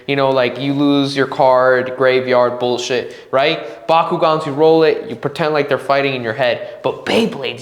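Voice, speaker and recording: A man's voice: fairly high pitch, fairly bright tone. A man in his twenties hosting a solo podcast, telling a rambling, profanity-heavy story and acting out his own quotes. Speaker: podcast host. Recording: roomy echo.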